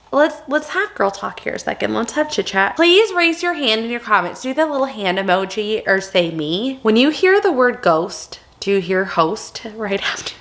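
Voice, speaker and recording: A woman's voice: a little high, a bit bright. A woman in her thirties chatting casually in a haul vlog, rambling and giggling as she shows off her finds. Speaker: vlogger showing a haul. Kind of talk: casual chat.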